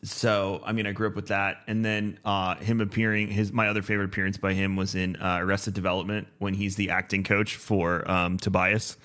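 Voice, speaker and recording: This is a man in his thirties, co-hosting a relaxed podcast conversation. His voice sits very low. He rambles in an easygoing way, and his sentences are filled with ums and restarts. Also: brisk, few pauses. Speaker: podcast co-host. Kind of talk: casual podcast chat.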